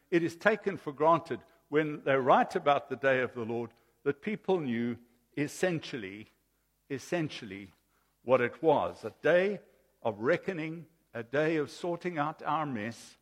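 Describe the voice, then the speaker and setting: A man preaching a sermon as pastor in a measured, emphatic way, in an old recording from a church. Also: medium pitch. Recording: old sermon recording with long hall reverb.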